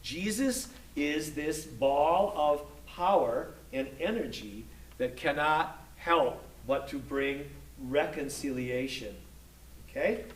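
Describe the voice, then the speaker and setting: A man lectures on scripture in a slow, halting way, restarting his thoughts and pausing to ask "okay?". His voice sits a little high for a man. He is recorded from a distance in an echoey room. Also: expressive. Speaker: Bible study instructor.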